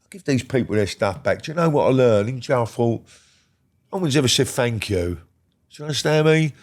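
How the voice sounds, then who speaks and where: Fairly quick and lively in intonation, this medium-pitched male voice belongs to a British guest telling stories about his criminal history. The chat is casual, and his account rambles, is blunt and full of profanity, with frequent checks that you're keeping up.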